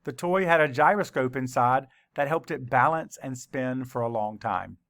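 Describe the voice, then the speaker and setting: A man's voice: mid-range voice, fairly bright tone, no echo, studio quality. A man teaching a spelling lesson to children, sounding out words and spelling them letter by letter. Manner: slow, deliberate letter-by-letter spelling.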